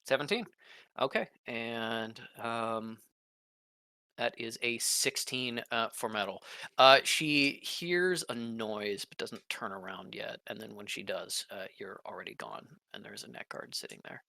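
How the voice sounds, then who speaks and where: A man narrating a tabletop game as game master, halting, with many fillers. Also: mid-range voice, vocal fry, bright, forceful tone, no echo.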